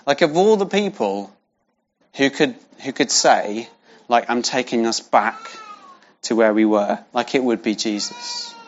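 A man's voice: mid-range voice, measured pace. A man preaching a sermon in a conversational way, repeating key phrases for emphasis. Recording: dull lo-fi sound.

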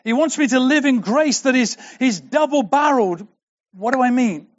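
High-voiced emphatic male preacher. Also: lively intonation. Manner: emphatic, repeats key words with drawn-out pauses. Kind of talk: sermon. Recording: dull lo-fi recording.

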